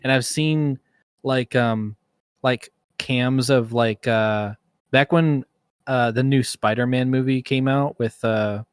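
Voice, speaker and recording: A man in a relaxed podcast conversation, his speech full of stops, restarts and bursts of laughter. His voice sits at a middle pitch. The recording is dry and close. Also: slow, smooth, no room sound. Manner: rambling, laughs often, many restarts. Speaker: podcast co-host. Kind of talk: casual chat.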